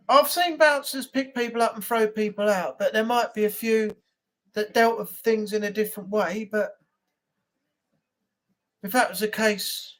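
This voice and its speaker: A man's voice: high-pitched, fairly bright tone. A man with an English accent hosting a casual live chat, telling stories in a rambling, blunt way.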